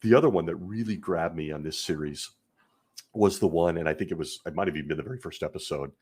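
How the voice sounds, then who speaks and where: Husky, low-voiced man, earnest and indignant. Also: fast, a little mellow. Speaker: podcast host. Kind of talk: commentary on a religion he left.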